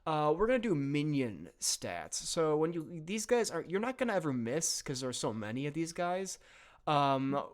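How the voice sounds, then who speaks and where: A man's voice: on the high side, sing-song, normal speed. A man narrating as game master of a comedic tabletop game, loose and rambling with fillers.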